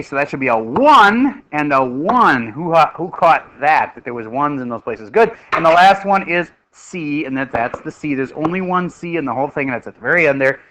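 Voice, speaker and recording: Math teacher guy, bright kinda high voice, joking and quizzing his class. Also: low-quality recording.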